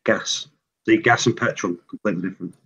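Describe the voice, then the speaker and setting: A man's voice: on the low side, steady tone, fast talker, fairly bright tone, breathy edge, dull audio. A British man hosting a casual group chat, reading out lists of word pairs. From Britain. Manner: reads out lists of word pairs, laughs often.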